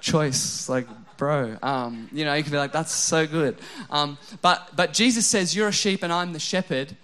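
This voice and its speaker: A young adult male pastor gives a relaxed, joking sermon in a clean-toned voice that sits fairly high for a man. He readily mocks himself in a casual way, sprinkling in frequent "like" fillers before becoming earnest.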